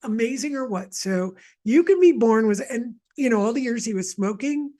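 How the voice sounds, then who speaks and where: A woman's voice: fairly high pitch, lively intonation, normal speed, dark tone. A woman from Montreal leading a guided wellness session, chatty and rambling with lots of asides. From Montreal, Canada. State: mild asthma. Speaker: energy healer leading a session.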